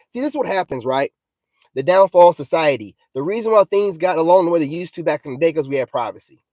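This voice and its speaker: A young man rants into the camera in a combative, preachy monologue, circling back to the same points. His voice sits a little high for a man, with a soft, mellow tone. The sound is dry and close. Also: dry recording. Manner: preachy and combative, repeats himself, says "you know what I'm saying" often. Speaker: self-styled spiritual vlogger. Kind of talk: ranting vlog monologue.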